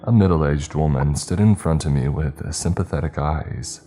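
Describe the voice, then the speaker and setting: A man reading a first-person horror story in a slow, measured, brooding way. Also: very deep voice, dark tone, soft background music.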